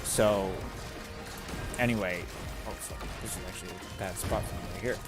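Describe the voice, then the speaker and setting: Male streamer, low voice, rambling casual chat with heavy swearing, over loud game music. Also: fairly even intonation, moderate pace. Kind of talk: casual live-stream chat while gaming.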